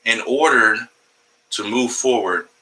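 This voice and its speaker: A man's voice: mid-range voice, slow pace, sharp tone, rough recording. A man doing a casual, rambling comedy livestream from home, profane and jumping between topics, talking to his cat along the way. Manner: talks to his cat mid-stream.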